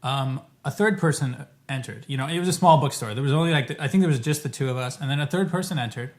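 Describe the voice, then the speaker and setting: A man with a medium-pitched voice tells a travel story to camera at a quick pace, casual and rambling. He frequently stops to correct himself, and his voice rises and livens when he quotes the people he encountered.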